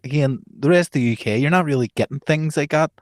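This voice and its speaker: A man's voice: on the high side, fast talker, no room sound, studio quality. Northern Irish man in laddish banter. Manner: laddish banter, swears freely. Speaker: podcast co-host. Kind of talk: casual chat.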